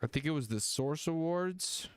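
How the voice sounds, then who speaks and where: A man hosting a livestream music review, talking casually, joking and swearing as he thinks out loud. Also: a little high, lively intonation, moderate pace, clear, resonant tone, no echo. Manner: profane, jokey, thinks aloud.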